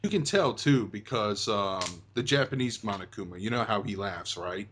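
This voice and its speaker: A man's voice: lowish voice, lively intonation, normal speed, fairly bright tone, a little hiss or hum. A young man hosting a casual chat about a video game, rambling with many fillers and restarts. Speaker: host.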